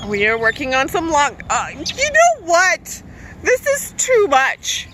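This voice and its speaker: A woman's voice: high-pitched, huge pitch swings, slow, noisy background. A woman dog trainer recording a casual vlog outdoors in a park, calling short commands and praise to her dog.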